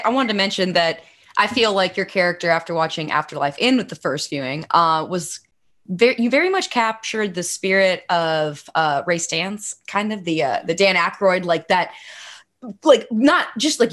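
A woman's voice: lowish voice, fairly bright tone. Gushing young woman podcast co-host. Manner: gushing, filler-heavy talk with many "like"s. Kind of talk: casual interview chat.

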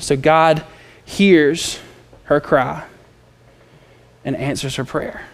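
A man's voice: medium pitch, little pitch movement, slow pace. A man preaching a sermon in a casual, conversational way. He reads scripture aloud and mixes in playful asides and fillers. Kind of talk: expository sermon.

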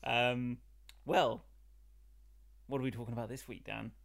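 Gravelly-voiced male podcast co-host. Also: mid-range voice, steady tone, a little slow, a bit bright. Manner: jokey, laughs often. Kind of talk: casual chat.

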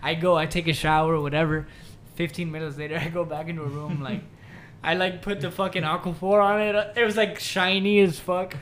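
A man's voice: fairly high pitch, steady tone, a little fast, a bit bright, a little hiss or hum. A young man co-hosting a podcast, telling stories in a laid-back, swearing, laughing way. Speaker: podcast co-host. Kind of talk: casual chat.

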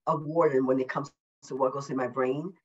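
A woman as a podcast guest, talking in an effusive, upbeat way, repeating words for emphasis and deliberately slowing her speech. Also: extremely low pitch, fairly even intonation, husky, dull audio. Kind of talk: casual interview chat. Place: at home.

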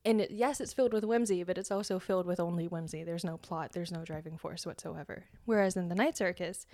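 A woman's voice: on the low side, quick pace, darkish tone. A woman co-hosting a podcast, chatting casually about books and laughing often mid-sentence. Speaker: podcast co-host. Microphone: podcast mic.

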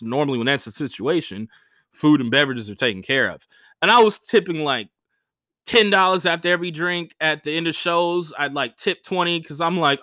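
A young adult man, a stand-up comedian, telling gig stories on a podcast in a casual, animated way, swearing freely and acting out the people he quotes. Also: normal speed, no echo, studio quality. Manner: animated, swears freely, acts out quoted voices with big pitch jumps.

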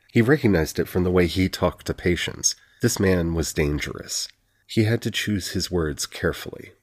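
A fantasy novel is narrated as an audiobook by a man with a low, husky voice. His reading is even and steady.

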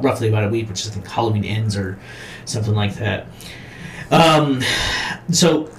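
A man co-hosting a podcast, talking casually about horror movies, swearing a lot and acting out scenes with sudden shouts. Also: mid-range voice, a little hiss or hum. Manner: profane, animated storytelling with acted-out shouts. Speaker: podcast co-host.

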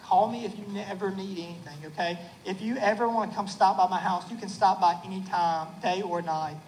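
A pastor delivering a sermon in a church, emphatic, repeating phrases and slowing to stress key words. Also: mid-range voice, steady tone, a little mellow, slight background noise, low-quality recording.

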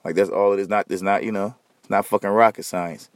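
A tired man, talking to his listeners in a loose, profane, rambling solo podcast. His voice sits fairly low and sounds sleepy. It is recorded dry and close, with hardly any room sound. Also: fairly even intonation, fairly quick, no room sound. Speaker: podcast host. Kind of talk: casual solo rambling monologue.

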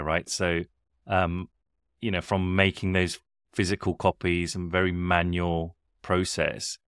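Male podcast host, low deep voice, dry close mic, rambling questions. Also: fairly bright tone, clear, resonant tone, no echo. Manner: rambling, repeats words while framing questions. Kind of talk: interview questions.

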